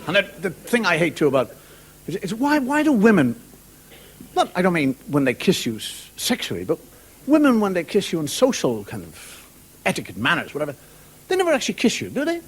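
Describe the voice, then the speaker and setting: A middle-aged Irish man doing a wry, rambling stand-up monologue on a TV studio stage, mimicking voices and now and then shouting. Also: sits high, wildly swooping pitch, a little fast, slightly rough. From Ireland. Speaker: stand-up comedian. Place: television studio with audience. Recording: broadcast studio with audience laughter and noise. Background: studio audience laughter.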